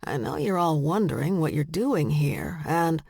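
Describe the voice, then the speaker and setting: A woman's voice: low voice, lively intonation, a little slow, creaky, darkish tone, slightly rough, dry recording, clean studio sound, heavily acted. A woman narrator voicing a composed young male lion shifter, speaking in a patient, formal way. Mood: businesslike.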